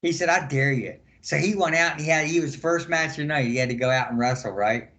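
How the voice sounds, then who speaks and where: An older man with a notably high voice recounts old wrestling tales in a relaxed interview. He acts out what everyone said, bouncing between voices as he goes. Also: fast. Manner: animated storyteller acting out quotes. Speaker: guest, former wrestler. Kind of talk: casual storytelling interview.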